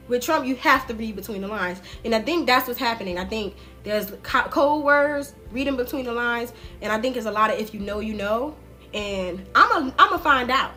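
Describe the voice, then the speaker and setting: A woman who hosts a political commentary livestream talks casually and directly to her viewers. Her speech is loose and slangy, and she retells events with animated swings in pitch.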